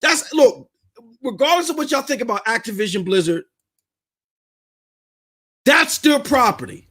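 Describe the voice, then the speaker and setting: Fiery high-voiced Southern man ranting. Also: animated, measured pace, a bit bright, husky. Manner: blunt, fiery, slangy. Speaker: podcast host. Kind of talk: heated commentary rant.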